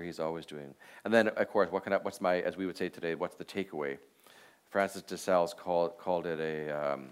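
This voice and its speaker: A man's voice: rumbling low, smooth. A man lecturing a class in a conversational way, with many fillers and rhetorical questions. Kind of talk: teaching a class.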